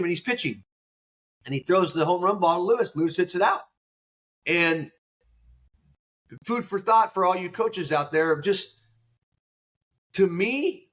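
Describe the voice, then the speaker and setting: A man, a youth baseball coach, answering as a podcast guest in an animated storytelling way, acting out quotes. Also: high voice.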